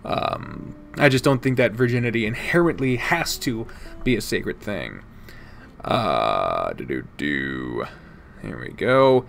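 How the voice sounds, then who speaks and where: A man's voice: mid-range voice, expressive, normal speed, vocal fry, a little hiss or hum. Casual swearing male streamer reading aloud. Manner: casual, swears, chats with viewers between read lines. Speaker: streamer playing a visual novel. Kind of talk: live stream chat and reading game text aloud.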